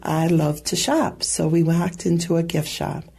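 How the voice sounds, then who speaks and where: Low husky woman telling her story. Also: fairly even intonation. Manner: earnest, halting retelling with soft asides. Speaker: guest sharing a testimony. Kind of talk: personal storytelling.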